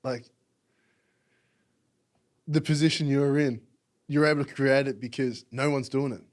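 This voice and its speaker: In a mid-range voice with fairly even intonation and a measured pace, a young adult from Melbourne talks casually as a podcast guest. He founded a music publication, and his speech wanders, packed with "like" and regular laughter.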